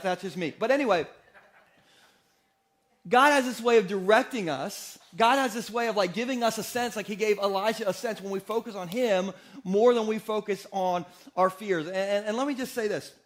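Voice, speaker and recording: A man in his forties preaching a sermon in a church, energetic and joking, often asking the congregation questions. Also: high-pitched, fairly quick. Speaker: pastor. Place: church sanctuary.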